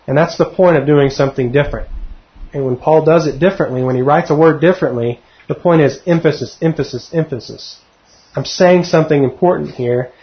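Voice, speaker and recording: A middle-aged man teaching verse by verse through a Bible passage, conversational and often putting questions to his listeners. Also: fairly high pitch. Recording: dull lo-fi recording.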